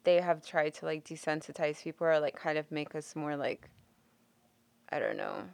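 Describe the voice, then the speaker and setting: Smooth-voiced woman chatting casually. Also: low-pitched, animated, moderate pace, darkish tone, no echo. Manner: chatty, many "like" fillers. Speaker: podcast co-host. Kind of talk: casual chat.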